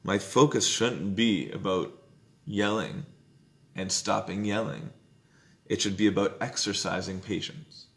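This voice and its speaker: Teaching an informal Jewish text study, a man speaks conversationally on the low side, with fairly even intonation and a slightly slow pace. He often checks in with "right?" and loudly acts out inner voices.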